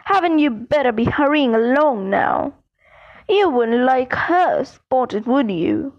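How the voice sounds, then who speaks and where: A woman's voice: high-pitched, expressive, slow, lo-fi sound, exaggerated voice. A woman voicing a smug, malicious teenage boy wizard who drawls and taunts lazily. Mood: sneering.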